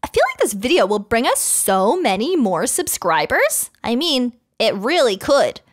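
A woman voicing an eager young male vlogger teammate who talks slowly and drags his words. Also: on the high side, very animated.

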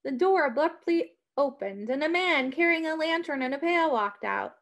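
A woman reading a children's story aloud with an expressive, dramatic delivery. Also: high-pitched, moderate pace.

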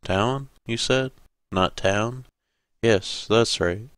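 A man reading a wry, gruff copper. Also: lowish voice, extremely slow, a bit bright, dry recording, clean studio sound, voice pushed up.

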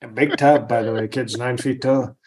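A man's voice: medium pitch, steady tone, moderate pace, a little mellow, slight background noise, natural voice. A man doing a comedic impression of a rambling, boastful older male politician who meanders, interrupts himself and drifts into tangents on a podcast. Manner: meandering, self-interrupting, digressive bragging.

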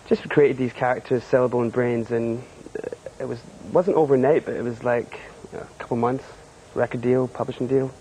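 A Scottish man from Scotland, a guest author in a studio TV interview, talking haltingly with many fillers and short laughs. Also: medium pitch, steady tone, mellow, slight background noise, low-quality recording.

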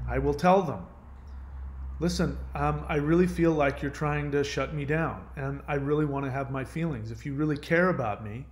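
A middle-aged man speaking earnestly to camera in a candid self-help monologue, with many fillers and restarts. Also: medium pitch.

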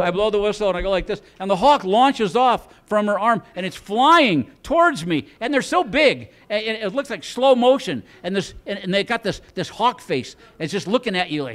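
A middle-aged man on a comedy club stage tells a long story in a fairly high voice. He rambles and repeats words, and he acts out the lines of the people in his story. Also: animated, normal speed, fairly bright tone. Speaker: stand-up comedian. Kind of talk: stand-up storytelling.

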